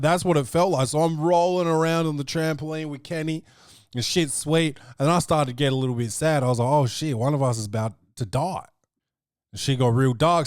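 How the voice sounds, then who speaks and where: A man hosting a comedy podcast, telling a story in an animated, ranting way full of swearing. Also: fairly high pitch, no room sound, studio quality. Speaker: podcast host. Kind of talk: comic storytelling.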